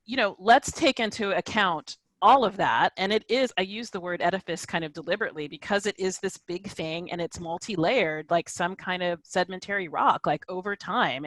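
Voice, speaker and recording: A woman scholar talks through a point on a video-call panel, building it layer by layer. She checks in with "right?" and "you know" as she goes. Her voice sits fairly low and sounds dry and close. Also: moderate pace, fairly bright tone, dry recording, rough recording. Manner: thoughtful, hedging with frequent "you know" and "right?". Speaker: social scientist panelist. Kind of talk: academic panel discussion.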